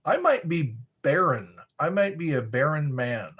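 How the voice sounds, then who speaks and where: A man chatting casually as a streamer, reading questions aloud and riffing on them. He talks slowly with a husky edge and a lively, wide-ranging pitch. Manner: rambling, jokey, reads questions aloud and answers them. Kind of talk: casual chat.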